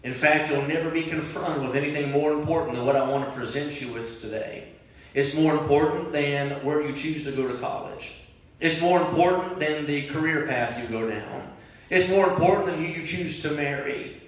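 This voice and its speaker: A man preaching a sermon as pastor, moving between prayer and loud impassioned cries. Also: a little high, normal speed. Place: large church sanctuary. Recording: very echoey church from a distant mic.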